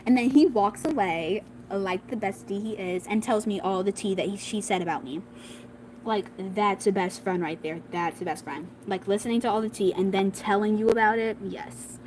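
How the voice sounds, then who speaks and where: With background hiss or hum and poor audio quality, a girl vlogger recounts school drama in a loose, filler-heavy way, saying "like" often and voicing her classmates' remarks. She has a mid-range voice and talks at a normal pace.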